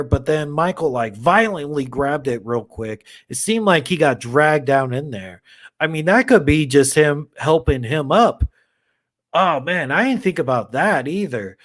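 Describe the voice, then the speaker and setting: A man hosting a horror movie livestream, chatting casually with viewers in a rambling, excitable way and swearing now and then. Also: a little high. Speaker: horror channel livestream host.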